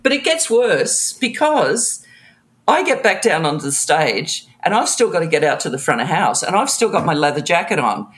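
A woman's voice: fairly low pitch, very animated, moderate pace, a bit bright. A middle-aged woman, a guest and sound engineer, telling an anecdote in casual chat, acting out quotes, swearing freely and laughing often. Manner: laughs often between phrases.

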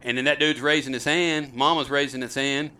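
Bright-voiced man telling stories. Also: medium pitch, fairly even intonation, brisk, far from the mic. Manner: rambling, self-deprecating, folksy. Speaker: host. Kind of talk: casual storytelling chat.

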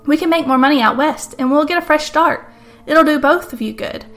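A woman voicing a stern, quick-tempered old grandfather in a spoken murder story, with a harsh, scolding manner. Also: high voice, fairly bright tone, soft background music, pitched above the performer's own voice.

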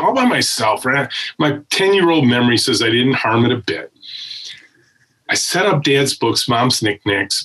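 Animated, husky-voiced man telling stories. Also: mid-range voice, low-quality recording. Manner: animated, emphatic, with frequent "right?" tags. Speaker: guest, tech company founder. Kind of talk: conversational storytelling.

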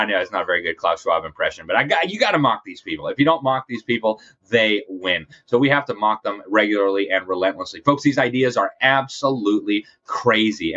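A man's voice: on the low side, pushed and bright. A man from South America hosting a political commentary show, emphatic and scornful, often addressing listeners as folks. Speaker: guest host. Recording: dull lo-fi sound.

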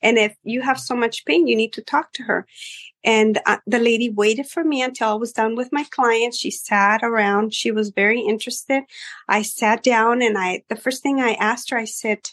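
Hairstylist lady chatting away about her clients, kinda high voice, does all their voices, lots of ums. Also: moderate pace. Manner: animated, acts out her clients' voices, many fillers. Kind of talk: casual storytelling interview.

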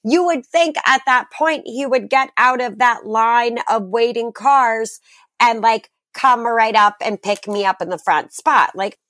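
A young woman tells a rant-filled story on a podcast, swearing freely and animated throughout. Her voice sits a little high. The sound is dry and close. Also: unhurried, dry recording. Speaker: podcast co-host. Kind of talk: casual chat.

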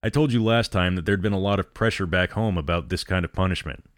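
A ship captain speaks firmly and quietly, holding back compassion, as a man voices him. His low voice sounds close and dry. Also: fast talker, no echo, close to an everyday voice. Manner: firm, quiet.

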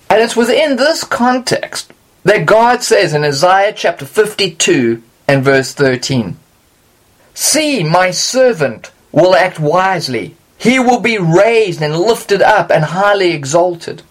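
A Bible teacher explaining scripture in a measured way, slowing down on key words for emphasis. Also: medium pitch, lively intonation.

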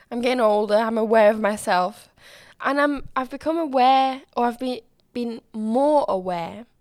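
A young woman hosting her own podcast, chatting in a bubbly, open way with a loud, high-pitched voice that climbs when she gets excited. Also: dry recording, studio quality. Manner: bubbly and chatty, with frequent restarts and acted-out quotes. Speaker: podcast host. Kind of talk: casual solo podcast chat.

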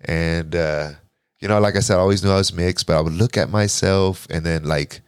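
A man in his forties, a podcast guest, telling a personal story in casual, animated talk, often quoting himself and swearing. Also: deep voice, a little fast, clear, resonant tone, dry recording. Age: 40s. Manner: animated, profane, restarts and quotes himself.

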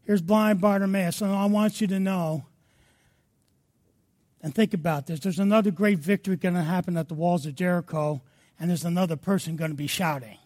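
A male pastor preaching a sermon with passion, moving between hushed stretches and loud ones. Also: high voice, brisk.

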